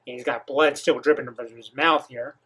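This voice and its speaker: A man hosting a comic reaction, reading and commenting with many halting pauses and eager asides. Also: medium pitch, steady tone, pushed and bright, husky. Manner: halting, filler-heavy, enthusiastic asides.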